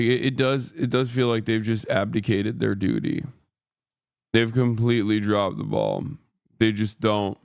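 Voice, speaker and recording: A man streaming a reaction to the news in an exasperated rant, at times breaking into loud, high shouts. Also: clear, resonant tone, dry recording, clean studio sound. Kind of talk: live-stream commentary rant.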